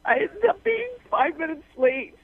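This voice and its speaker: Casting: high-voiced woman caller, teary, rambling, halting, heard over a tinny phone line. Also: lively intonation. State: tearful, on the verge of crying. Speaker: radio caller. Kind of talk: emotional phone call to a radio show.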